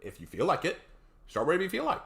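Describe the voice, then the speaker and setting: Animated young man chatting on stream. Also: sits high, quick pace, vocal fry. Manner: chatty, jokey, reads chat aloud. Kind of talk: casual live-stream chat.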